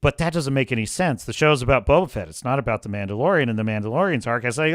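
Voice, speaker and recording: Heated ranting man, bright tone. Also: mid-range voice, animated, fast talker, few pauses, no room sound, studio quality. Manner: blunt, heated, sarcastic. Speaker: livestream host. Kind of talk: ranting live stream commentary.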